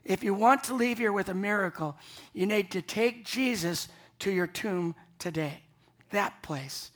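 A man's voice: sits high, unhurried. Earnest preacher man mid-sermon. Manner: earnest, emphatic, repeats himself when building a point. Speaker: pastor. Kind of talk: Easter morning sermon.

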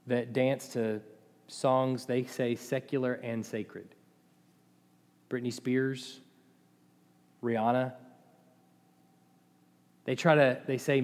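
Impassioned preacher in a reverberant church. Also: male voice, mid-range voice. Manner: impassioned, swings between loud and quiet. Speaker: pastor. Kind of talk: sermon. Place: church sanctuary. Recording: long hall reverb.

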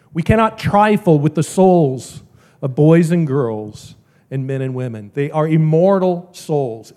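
Male pastor preaching in church: earnest, emphatic delivery, slightly high mellow tone. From American South. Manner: earnest, emphatic preaching with wide swings in loudness. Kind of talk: sermon.

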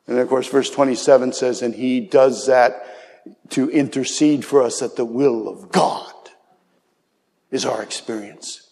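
A man preaching a sermon with earnestness, sometimes dropping soft and low and sometimes bursting into a shout. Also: steady tone, a little slow, gravelly, in a large hall. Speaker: pastor.

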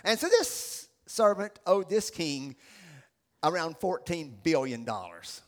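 A middle-aged pastor preaching a sermon, animated and acting out the characters he describes. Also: a little high, slow pace. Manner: animated storytelling, acts out voices.

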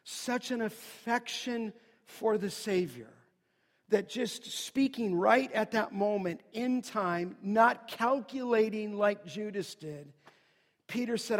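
A man preaching an earnest, emphatic sermon that builds to loud declarations. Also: high-pitched, slow pace, in a large hall. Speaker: pastor.

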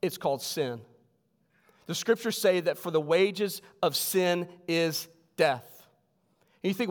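A male pastor preaching a sermon with emphasis, his voice sinking low on key words. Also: unhurried. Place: church sanctuary. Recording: long hall reverb.

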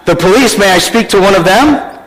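A man doing a persistent telemarketer, raised pitch. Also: lively intonation, brisk, fairly bright tone, in a large hall, low-quality recording. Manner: insistent, polite questioning. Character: pushy adult male telemarketer, persistent and puzzled.

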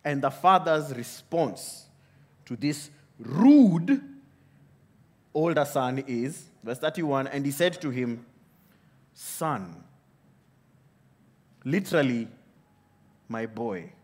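A man preaching a sermon in an animated way, often asking the audience questions. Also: a little high, slow pace.

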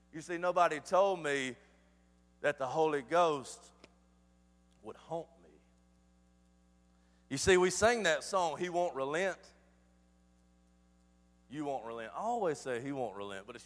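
Male pastor, high voice, passionate sermon delivery with hushed drops and repetition, long church-hall reverb. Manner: passionate preaching with sudden soft drops and repeated phrases.

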